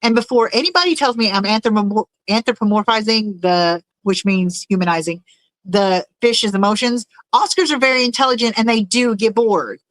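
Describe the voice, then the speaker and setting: A woman's voice: medium pitch, moderate pace, no room sound, low-quality recording. Rambling woman on a livestream, dry mic. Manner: rambling, reads chat aloud, searches for words. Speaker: livestream host. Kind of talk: casual livestream chat.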